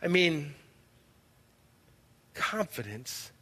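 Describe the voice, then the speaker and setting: A man's voice: on the high side, big pitch swings, drawn-out words, fairly bright tone, heavily acted. A man acting as an anxious, overwhelmed churchgoer who pleads with God, exasperated and stammering as he talks. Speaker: actor in skit. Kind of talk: church drama monologue. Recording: reverberant hall.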